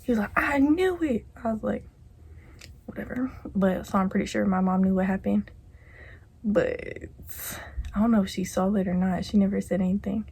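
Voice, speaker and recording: A woman's voice: medium pitch, flat delivery, a little fast, creaky, slightly rough. A woman telling a casual storytime on her vlog, slangy and full of swearing, with lots of "like" and stretches where she drops to a whisper. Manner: slangy, swears a lot, heavy use of "like"; drops into soft whispers at times. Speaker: vlogger.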